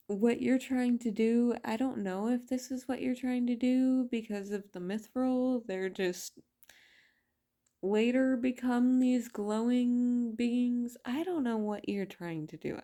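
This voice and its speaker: A woman vents in a casual vlog, talking slowly and bluntly with plenty of swearing. Her voice is mellow and dark-toned, and her exasperation stays steady throughout. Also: on the high side. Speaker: video reviewer.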